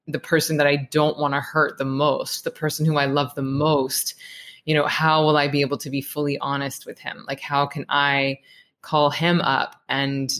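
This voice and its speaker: A woman's voice: sits low, flat delivery, normal speed, a bit bright. A woman in her thirties, a meditation teacher, talking reflectively and earnestly as a podcast guest. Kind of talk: podcast interview.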